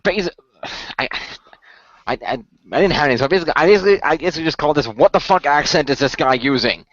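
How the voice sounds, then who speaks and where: A man's voice: fairly high pitch, animated, quick pace, a bit bright, no room sound. Wry, stammering man on a lo-fi podcast. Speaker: podcast co-host. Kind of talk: casual chat. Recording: dull lo-fi dry sound.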